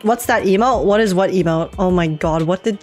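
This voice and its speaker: A woman's voice: fairly low pitch, a little fast, darkish tone, faint music behind. A woman streaming live, chatting casually with her viewers, laughing often and restarting her phrases as she goes.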